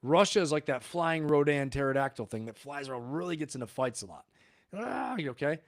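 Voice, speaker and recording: Animated rambling male livestream host. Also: fairly high pitch, brisk, no echo, studio quality. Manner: animated, rambling, laughs often. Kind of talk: casual live commentary.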